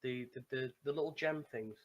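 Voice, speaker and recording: A man's voice: medium pitch, fairly quick, highs cut off. A man co-hosting a casual gaming podcast, telling a long story with restarts and laughs. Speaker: podcast co-host, gamer. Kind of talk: casual chat recapping a game server.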